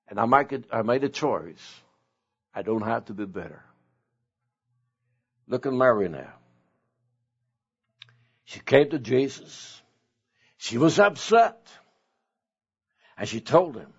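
Husky older preacher, slow and earnest. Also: male voice, mid-range voice, expressive. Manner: slow, emotional preaching with soft drops. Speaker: pastor. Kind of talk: sermon. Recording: dull lo-fi recording.

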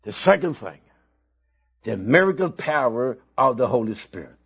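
A man preaching a sermon, telling his own testimony slowly and with emphatic bursts of loudness. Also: mid-range voice, sing-song, slightly rough. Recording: dull lo-fi recording.

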